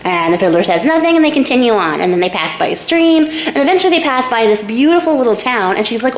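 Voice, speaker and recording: A woman's voice: a little high, sing-song, quick pace, few pauses, slight background noise. Chatty woman retelling a fairy tale. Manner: chatty, irreverent, swears, acts out quotes. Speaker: storyteller and craft channel host. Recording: echoey room.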